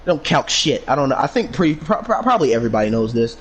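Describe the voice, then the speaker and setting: A man co-hosting a podcast, talking in an animated, ranting casual way with lots of swearing. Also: medium pitch, racing, slight background noise, rough recording. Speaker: podcast co-host. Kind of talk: casual chat.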